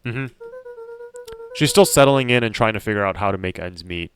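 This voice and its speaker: A man's voice: lowish voice, moderate pace, faint music behind, lightly acted. A man voicing a reserved young boy in a game, giving subdued, hesitant replies.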